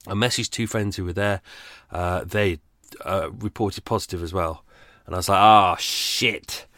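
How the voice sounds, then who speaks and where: This podcast host sounds unwell, nursing a cold and a sore throat as he rambles through an unscripted, casual chat, mocking himself and filling the gaps with fillers and restarts. His low voice moves at a moderate pace in a studio-quality recording with no room sound.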